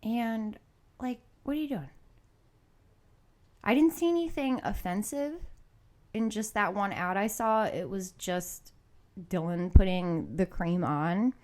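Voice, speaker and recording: A woman's voice: medium pitch, darkish tone. Angry woman ranting on her podcast, cussing nonstop, sarcastic. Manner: angry, swears constantly, sarcastic. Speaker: podcast host. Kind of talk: profane opinion rant.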